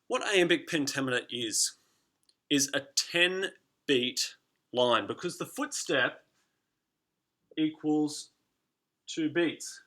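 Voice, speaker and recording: A man's voice: fairly high pitch, slow pace, long pauses, sharp tone. A young man teaching a class in a chatty, teasing way, tapping out rhythms as he explains. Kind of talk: classroom lesson video.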